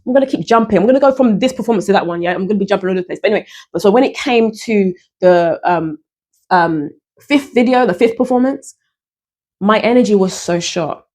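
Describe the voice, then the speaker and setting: A woman's voice: mid-range voice, fairly quick, darkish tone. A woman singer talking through her experiences in a casual, reflective monologue, earnest and searching, often repeating and restarting her phrases. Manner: earnest, spiritual self-talk. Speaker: singer and vlogger.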